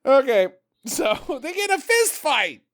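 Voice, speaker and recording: A man on a casual movie-riffing podcast, talking with a lively, swooping pitch. He mocks the film's lines in a gruff, profane put-on voice and keeps the chat sarcastic and loose. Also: takes it slowly. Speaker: podcast co-host.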